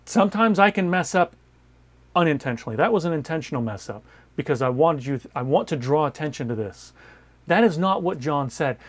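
A man with a fairly high-pitched voice, preaching a Bible sermon. He presses his points hard, says key phrases twice, and drops from strong stresses into soft asides. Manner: emphatic, repeats key phrases, swings between loud stresses and quiet asides. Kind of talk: sermon-style Bible teaching.

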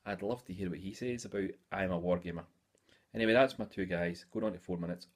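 A Scottish hobby YouTuber in his forties chats casually in his vlog, rambling on with lots of "eh" fillers. His voice is low-pitched and fast.

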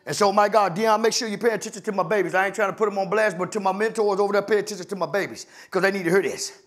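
A pastor preaching a sermon in a colloquial, impassioned way, rising into shouts and sung phrases and returning to a refrain of "my God.". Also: male voice, high-pitched, very fast.

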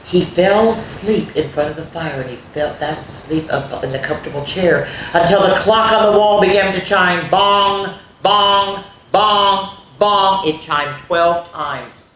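A woman reading a spooky children's story aloud, expressive, with gasps and little asides to young listeners. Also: fairly low pitch, moderate pace, few pauses, slight background noise. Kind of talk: reading a spooky picture book aloud to kids. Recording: roomy echo.

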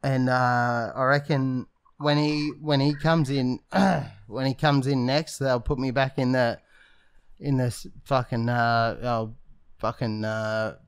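A man's voice: mid-range voice, steady tone, slow pace, clear, resonant tone, no echo. Young man, crude, swearing, dry close mic. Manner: crude, swearing, acting panicked. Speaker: podcast guest.

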